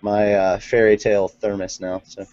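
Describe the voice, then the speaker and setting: A man's voice: lowish voice, level tone, moderate pace, lo-fi sound, over a noisy crowd. Laid-back man hosting a podcast. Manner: laid-back, reading out listener questions. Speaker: podcast host. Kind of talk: casual podcast chat.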